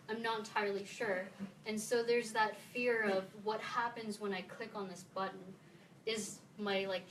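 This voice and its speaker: A woman's voice: mid-range voice, a little hiss or hum. Roomy, distant woman giving a playful talk. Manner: chatty and playful, quizzing the audience. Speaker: conference speaker. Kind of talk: casual meetup talk. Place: meeting room with audience. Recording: roomy sound, mic at a distance, faint ambience.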